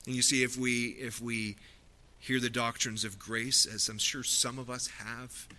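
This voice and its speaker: Guy preaching a sermon, super bright tone, earnest, builds to big emphatic bits. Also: mid-range voice, level tone, unhurried. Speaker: pastor.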